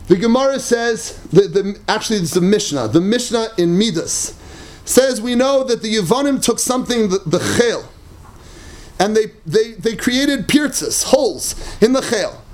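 Man, Torah lecture, high-pitched, animated, rising to near-shouts. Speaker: rabbi giving a Torah class.

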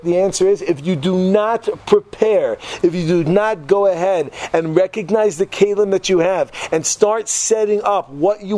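A man giving an informal religious talk, an animated and chatty storyteller who drops joking asides between his points. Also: sits high. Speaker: Torah teacher.

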